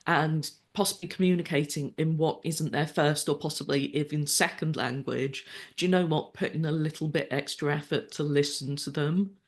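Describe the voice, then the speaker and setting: An adult panelist speaks in a thoughtful, conversational way. The voice sits at a middle pitch. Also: fairly even intonation, normal speed. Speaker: podcast panelist. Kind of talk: casual panel discussion.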